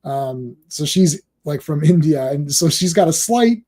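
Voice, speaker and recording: Guy co-hosting a movie chat, kinda high voice but mellow, rambles a lot. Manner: rambling, animated, quick asides. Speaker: podcast co-host. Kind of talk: casual movie discussion.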